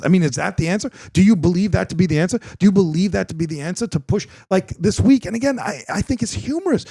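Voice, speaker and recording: A man hosting a podcast, telling a story in a profane, animated way and acting out both sides of the quoted conversations. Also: high voice, creaky, slightly rough, dry recording. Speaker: podcast host. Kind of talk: casual chat.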